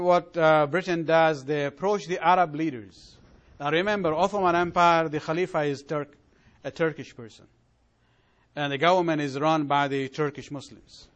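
A middle-aged man lecturing an audience on history in a measured way, often pausing on fillers and correcting himself mid-word. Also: on the high side, a bit bright. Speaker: religious lecturer.

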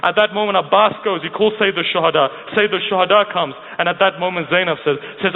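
A man's voice: high voice, quick pace, few pauses. A man preaching a narrative sermon, telling an emotional story and asking his listeners rhetorical questions. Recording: phone-like sound with long hall reverb.

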